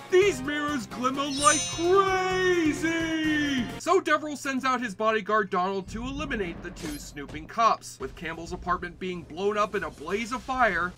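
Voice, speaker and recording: A man narrating a comedic movie review in a sarcastic, mocking tone. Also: high voice.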